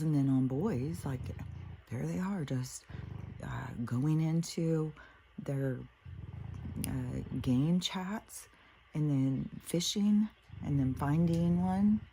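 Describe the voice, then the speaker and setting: A woman's voice: rumbling low, creaky, mellow, a little hiss or hum. A middle-aged woman hosting a spiritual show, telling a story in a blunt, casual way that is full of swearing and fillers. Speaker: spiritual podcast host.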